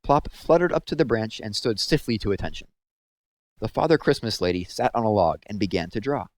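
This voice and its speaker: A man reads a children's book aloud with expressive storytelling. His voice is low yet lively and swings in pitch, recorded close to the mic in a dry room. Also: fairly quick, no echo. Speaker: read-aloud host.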